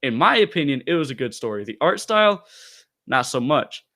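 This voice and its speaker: A man co-hosting a casual podcast, retelling a story in an animated way with loose asides. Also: mid-range voice, a little fast. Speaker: podcast co-host reviewing comics.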